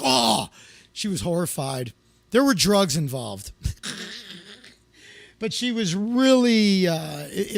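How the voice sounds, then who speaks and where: High-voiced man chatting loosely to viewers. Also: no echo. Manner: loose, anecdotal, with many fillers and restarts. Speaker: comedian hosting a live stream. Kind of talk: casual rambling chat to viewers.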